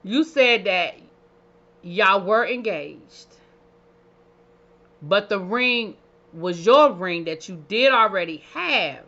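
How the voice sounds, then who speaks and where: A chatty woman recaps a reality show with sass and playful asides. Her voice is bright and forceful. The recording sounds a little dull and lo-fi. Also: medium pitch, lively intonation, slow, long pauses. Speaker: reality TV reviewer. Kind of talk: casual recap commentary.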